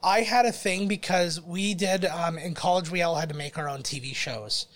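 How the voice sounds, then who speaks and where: A young man co-hosting a podcast, chatting casually about a movie in a rambling, joking way and slipping into quick impressions. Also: high-pitched, fairly bright tone, dry recording. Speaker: podcast co-host. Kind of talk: casual movie commentary chat.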